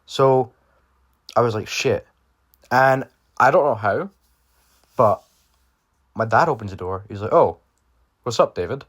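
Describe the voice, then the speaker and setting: A man's voice: mid-range voice, unhurried, pauses often. A young man from Britain casually telling a personal story to his viewers, rambling with lots of swearing and fillers. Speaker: vlogger.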